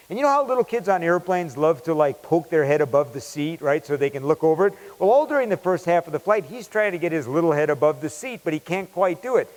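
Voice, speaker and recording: Guy giving a keynote, storytelling, fairly high voice, long reverb from a big hall. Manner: animated, conversational storytelling. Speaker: keynote speaker.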